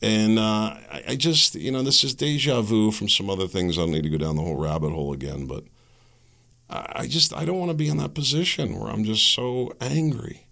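A man hosting an opinion podcast, talking in an agitated, sarcastic rant full of rhetorical questions and halting restarts. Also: fairly low pitch, creaky, bright, forceful tone. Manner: agitated, ranting with sarcastic laughs. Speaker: podcast host.

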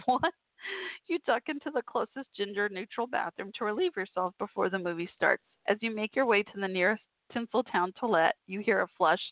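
A woman's voice: medium pitch, no room sound. A woman hosting a call-in podcast in a casual, rambling, bubbly way, laughing often. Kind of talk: casual chatty call-in show. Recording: tinny phone-like line.

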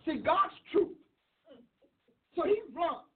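A woman preaches with excitable energy, often laughing and acting out the voices in her stories. Her voice sits high. The sound is thin and phone-like. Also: slow. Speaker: preacher and author. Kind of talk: sermon. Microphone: livestream.

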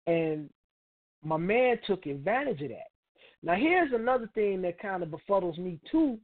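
A man's voice: high voice, big pitch swings, normal speed. Middle-aged man, blunt and profane, street slang, radio host monologue, tinny phone-like sound. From Chicago, United States. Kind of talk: opinionated monologue.

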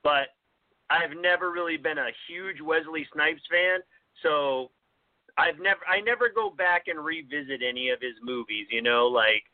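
A man's voice: on the high side, normal speed, no room sound. A man co-hosting a casual film podcast, talking in a rambling, hesitant way with lots of fillers. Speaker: podcast co-host. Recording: thin phone-like audio, dry.

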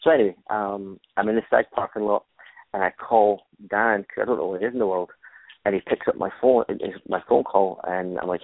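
A deep-voiced man with a gravelly edge talks through his stunt career in a relaxed, rambling way, full of fillers and restarts. The sound is thin and phone-like, dry with no room around it. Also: brisk, no room sound. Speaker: stuntman and actor guest. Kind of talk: casual interview storytelling. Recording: tinny phone-like line, dry.

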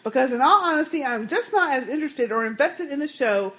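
A woman's voice: sits high, expressive, fairly quick, fairly bright tone. A woman co-hosting a casual podcast, chatting and laughing as she reads listener emails aloud. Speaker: podcast co-host.

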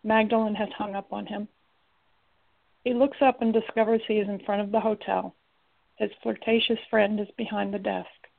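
A woman narrating a story in a steady, even reading. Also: mid-range voice, moderate pace, gravelly. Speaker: audiobook narrator. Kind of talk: scripted narration. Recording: tinny lo-fi recording.

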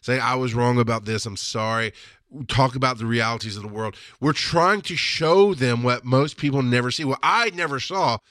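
A man's voice: mid-range voice, moderate pace, a bit bright, no room sound, clean studio sound. A middle-aged man hosting a podcast, talking in a casual, rambling way and often breaking into laughter. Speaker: podcast host. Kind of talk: casual livestream monologue.

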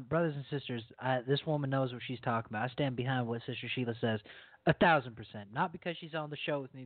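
A man's voice: on the high side, no room sound. A male show host with an enthusiastic, preacher-like way of addressing his listeners, heard over a phone-like line. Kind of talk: preacher-style show hosting. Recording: tinny phone-like line, dry.

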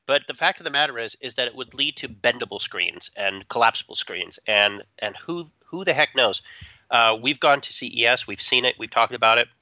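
A man co-hosting a tech podcast, chatting in an animated, joking way with quick asides. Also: mid-range voice, dry recording. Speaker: podcast co-host. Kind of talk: casual opinionated chat. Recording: dull dry close-mic sound.

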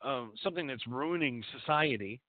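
A man's voice: mid-range voice, moderate pace, no echo, phone-quality sound. A man hosting a call-in show, talking crudely and rambling. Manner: profane, rambling and animated. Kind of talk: crude casual call-in talk.

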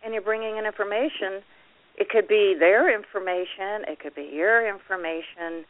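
A woman's voice: medium pitch, normal speed, no echo. A reflective woman guest speaks thoughtfully on a call-in radio show. Her voice arrives through a tinny, phone-like line. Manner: reflective, talks about spiritual channeling. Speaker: guest, poet.

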